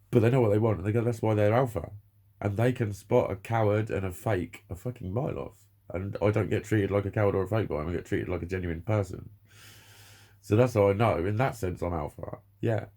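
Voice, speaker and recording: Gravelly low-voiced man in his forties. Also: darkish tone. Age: 40s. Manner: candid, emotional, heavy swearing. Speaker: vlogger. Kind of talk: casual confessional monologue.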